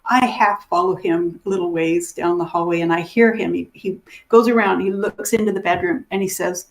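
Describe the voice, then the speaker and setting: Animated woman teaching through stories. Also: fairly low pitch, moderate pace, few pauses. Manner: animated, acts out the people in her stories. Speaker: dementia care educator.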